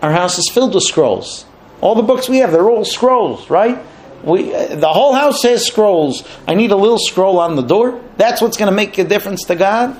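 A man's voice: high voice, sing-song, normal speed. A man putting on a scornful, mocking wife. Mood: needling. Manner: mocking, needling questions. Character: scornful wealthy wife egging husband on.

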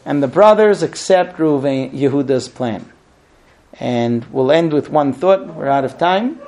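A middle-aged man giving an informal Torah class, telling the story with lively acted-out dialogue. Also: unhurried. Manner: animated storyteller, acts out quoted speech with high pleading voice. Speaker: rabbi teaching the weekly Torah portion.

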